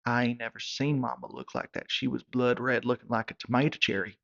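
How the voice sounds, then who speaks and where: A man's voice: medium pitch, fairly even intonation, a little fast, creaky, few pauses, fairly bright tone. A man, telling a rambling comic story in character with stumbling repeats. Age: 30s. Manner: hillbilly drawl, stumbling repeats. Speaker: comedy character narrator. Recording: dull lo-fi recording.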